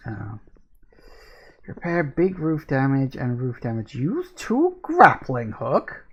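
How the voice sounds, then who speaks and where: A woman narrates a farm-building game in a chatty let's-play style. Her pitch jumps around freely, and she breaks into sudden excited cries and laughter while reading the game's prompts aloud. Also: breathy edge, muffled recording. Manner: chatty, easily excited, quick to laugh and swear. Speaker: gaming video host. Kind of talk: casual let's-play commentary.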